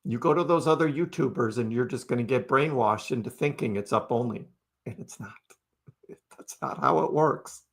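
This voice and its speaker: Male live stream host with a mid-range voice, relaxed and chatty, answers chat comments as they come in, laughs easily. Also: medium pitch, moderate pace, creaky. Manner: chatty and laid-back, laughs often, talks to chat by name.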